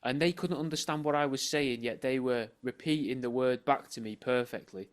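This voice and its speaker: A man, co-hosting a podcast and spinning absurd theories in a deadpan, casual way. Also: medium pitch, moderate pace, clear, resonant tone. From England. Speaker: podcast co-host. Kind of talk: casual chat.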